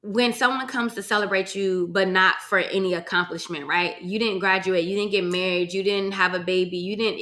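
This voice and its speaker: A woman's voice: mid-range voice, steady tone, a little fast, hardly any pauses, bright, forceful tone. A young woman from Virginia hosting her own podcast, chatting to listeners in a casual, swearing, y'all-heavy storytelling way. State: emotional, holding back tears at times. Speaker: podcast host.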